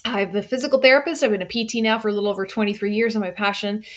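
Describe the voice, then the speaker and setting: A woman's voice: medium pitch, fairly even intonation, racing, fairly bright tone, muffled recording. A woman in her forties, a physical therapist, hosting a casual live stream, jet-lagged and chatty, greeting viewers by name and correcting herself as she goes. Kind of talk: casual live-stream chat reading out viewer shout-outs. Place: home studio in Florida.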